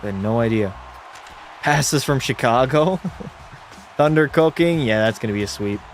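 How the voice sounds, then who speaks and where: A man's voice: mid-range voice, measured pace, faint music behind. A man hosting a hockey watch party stream, calling the play and answering chat in a laid-back way. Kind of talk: casual live-stream commentary and chat reading.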